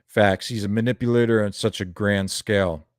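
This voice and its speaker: Man, deep voice, dry close sound, angry profane rant, reaction commentary. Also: steady tone, normal speed, no room sound. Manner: heated, profane, ranting. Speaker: reaction video creator.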